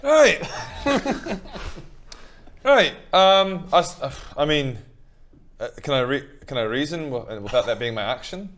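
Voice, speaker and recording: Male player, higher-set and very lively, stammering and complaining. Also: unhurried, pauses often. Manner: animated, protesting, stammering. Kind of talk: casual tabletop game play.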